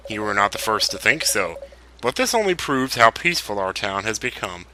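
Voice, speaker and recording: A man's voice: on the low side, sing-song, normal speed, background noise. A man reading the lines of a jolly, welcoming older male town governor in a genial way. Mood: jovial.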